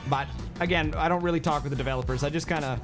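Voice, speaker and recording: A man's voice: a little high, very fast. A man casually chatting on a game livestream, rambling and answering chat with lots of fillers and repeated words. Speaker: game streamer. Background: music.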